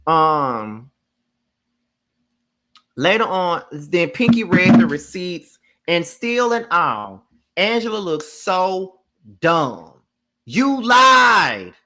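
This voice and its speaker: A woman hosting a casual live review of a reality show, speaking in a low voice with a bright, sharp edge. She rants bluntly and profanely and keeps hammering her points. Her pitch swings widely as she talks. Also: big pitch swings, takes it slowly, pauses often. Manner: emphatic, repeats her points.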